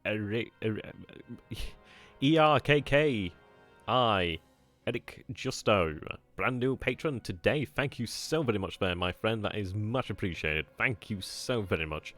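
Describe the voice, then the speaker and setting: A low-pitched man talking casually as the host of a strategy gaming channel. He is chatty and informal, with the odd bit of swearing. Soft music plays faintly underneath. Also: lively intonation, a little slow. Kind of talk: casual video outro chat.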